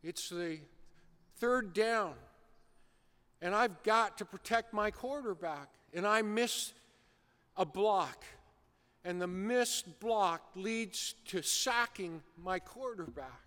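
A man preaching a sermon, telling an animated story with acted-out shouts. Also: high voice, takes it slowly. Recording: long hall reverb.

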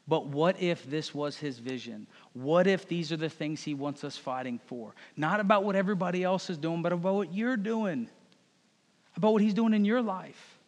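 Here a pastor talks directly and conversationally to the congregation, using "folks" and "y'all," his slightly high voice moving fairly quickly with lively intonation. The sermon echoes with long hall reverb.

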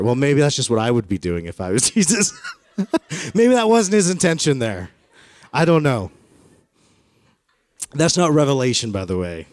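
Brief: male pastor, playful jokey sermon delivery, mid-pitched voice, dry close sound. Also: big pitch swings, normal speed, pauses often, a little mellow, no room sound. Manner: playful, jokey storytelling with acted-out quotes.

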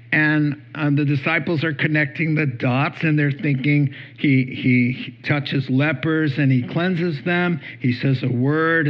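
A man's voice: a little high, lo-fi sound. A man preaching a sermon as pastor, earnest and building to emphatic peaks.

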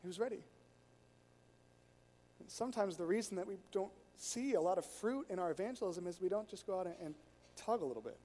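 A man preaching a storytelling sermon in an animated way, acting out the people he quotes. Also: high voice, fairly quick, long pauses. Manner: animated, acts out quoted people, chuckles while telling. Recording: long hall reverb.

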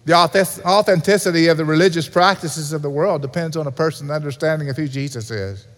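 A pastor delivering an earnest sermon in a church, repeating key points for emphasis. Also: male voice, a little high, fast. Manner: earnest preaching with repetition. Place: church sanctuary. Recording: reverberant hall.

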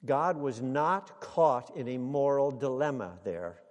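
A man preaching a sermon to a congregation, speaking deliberately and building to emphatic exclamations. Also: medium pitch, big pitch swings, darkish tone, in a large hall. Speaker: pastor.

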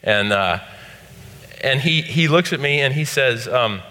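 A middle-aged man delivers a sermon from the pulpit of a church sanctuary. His voice is bright and forward, easygoing in the asides and lifting with force on the quoted scripture. A long hall reverb trails each phrase. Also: medium pitch, animated, normal speed. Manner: conversational preaching, rising to emphatic scripture quotes. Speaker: pastor.

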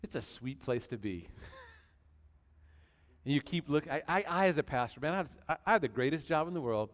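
Male pastor preaching casual and folksy, lively up-and-down voice, long hall echo. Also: fairly high pitch, fairly quick. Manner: conversational, folksy preaching with asides. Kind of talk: sermon.

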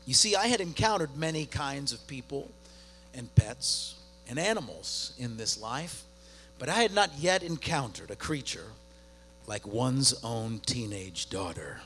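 A middle-aged man preaching a sermon, telling a story with big swings between quiet and loud. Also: medium pitch, animated, unhurried, slight background noise. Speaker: pastor.

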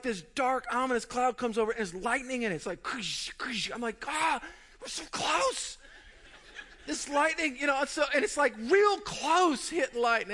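A man who is a pastor, telling a funny story in a sermon as an animated storyteller who laughs through the tale. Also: very high voice.

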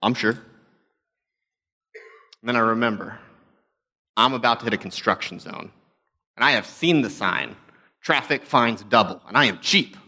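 A man's voice: mid-range voice, moderate pace, long pauses, pushed and bright. A young adult man, a pastor, telling stories in a conversational, self-deprecating sermon talk.

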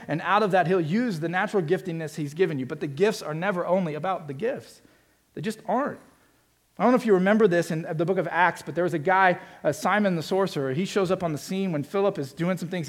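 Earnest preaching man, slightly high voice. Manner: earnest preaching, rising to emphatic and dropping to quiet. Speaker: pastor. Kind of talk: sermon.

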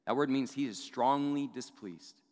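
A man's voice: medium pitch, moderate pace, a little mellow, big-room sound. A man and father preaching a sermon in a conversational way, often tossing in rhetorical "right?" asides. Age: adult parent of young children. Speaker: pastor.

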